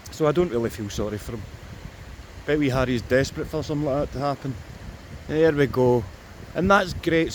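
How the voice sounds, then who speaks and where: A Scottish man giving a jokey running commentary on his metal-detecting vlog, filmed outdoors in the woods beside a river. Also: fairly high pitch. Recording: noisy outdoor recording with river. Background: flowing river.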